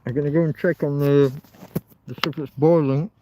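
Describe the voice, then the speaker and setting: Noise fills the background as this outdoor cooking livestreamer speaks in a fairly high, steady voice at a moderate pace from a field. His phone mic gives dull lo-fi audio, and his chatter is rambling, crude, profane and jokey.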